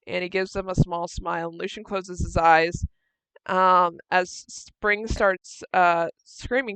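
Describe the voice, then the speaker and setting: Bright, crisp woman game master. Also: fairly low pitch, steady tone, a little slow, no room sound. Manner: casual, swears freely, bossy with players. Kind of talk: narrating a tabletop game.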